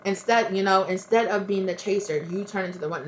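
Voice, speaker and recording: A woman's voice: mid-range voice, fairly quick, a little hiss or hum, rough recording. A woman giving a tarot reading in a casual, blunt, emphatic monologue. She swears freely and keeps asking the viewer "right?". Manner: talks straight to the viewer, often adds "right?". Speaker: tarot reader. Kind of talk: casual spiritual advice monologue.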